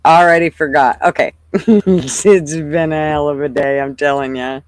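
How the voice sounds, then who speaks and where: A woman's voice: low-pitched, steady tone, measured pace, dry recording. An older woman hosting a casual livestream, chatting loosely, swearing freely and greeting viewers by name at her computer. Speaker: livestream host.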